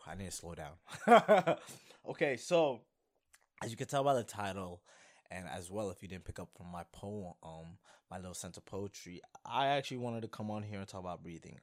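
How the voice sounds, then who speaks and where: A young man hosting his own podcast, talking casually and rambling excitedly, with many fillers and restarts. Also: lowish voice, fairly quick. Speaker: podcast host. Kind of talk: casual solo podcast talk.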